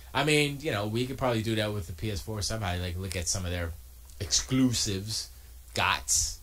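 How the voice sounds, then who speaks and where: This streamer has a lowish voice and a fairly quick pace. Broadcasting from his home studio, he chats casually with viewers, answering messages and animatedly joking and arguing.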